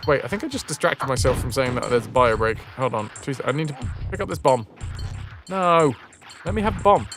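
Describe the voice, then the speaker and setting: A man with a mid-range voice and lively intonation talks a little fast while livestreaming a retro game, with music in the background. He chats casually with viewers, jokes, swears, and thinks aloud about his play.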